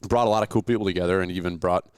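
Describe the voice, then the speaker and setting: Male podcast host, deep and dry, relaxed jokey banter. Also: very fast, smooth, no echo. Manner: joking, easygoing banter. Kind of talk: casual podcast chat.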